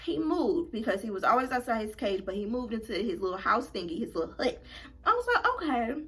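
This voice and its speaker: A young adult woman vlogger telling a story to her viewers in a casual, animated and dramatic way. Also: fairly high pitch, brisk, breathy edge.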